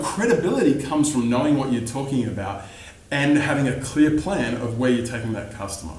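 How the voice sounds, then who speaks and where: A man teaching phone sales skills with energetic, coaching delivery, standing in his studio. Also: medium pitch, reverberant. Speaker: sales trainer. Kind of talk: instructional talk to camera.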